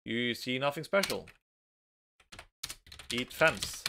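Young norwegian guy chatting slowly through a retro game, reads the text out, giggly, bit of hiss behind. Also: mid-range voice, animated. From Norway. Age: young adult. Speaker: let's play host. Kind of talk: casual gameplay commentary.

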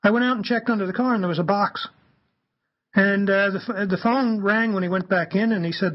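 A man, a radio guest, telling anecdotes in an animated way and acting out the quoted dialogue. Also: sits high, fairly quick, dull audio. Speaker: guest, campaigner. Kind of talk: anecdotal storytelling on a radio talk show.

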